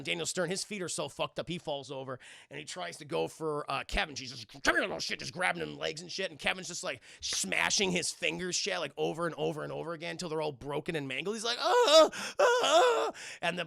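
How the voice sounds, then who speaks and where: A young man chatting to his stream audience as he retells a film's scenes, animated and profane, bursting into silly voices. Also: a little high, gravelly, no echo, clean studio sound. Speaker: streamer reviewing a film. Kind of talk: casual chat to a livestream audience.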